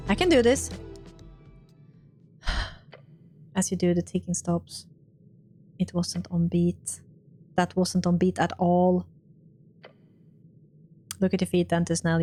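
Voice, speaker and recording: This gaming streamer has a lowish voice and a measured pace with long pauses, while faint music plays behind her. She reads a role-playing game's text aloud and reacts to it. When things go wrong she gets animated, swearing and laughing.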